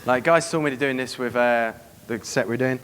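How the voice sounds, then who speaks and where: A man's voice: medium pitch, normal speed, fairly bright tone, a little hiss or hum. A man giving a live seminar talk to an audience, brash and profane, acting out bits of dialogue as he teaches. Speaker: dating coach giving a seminar.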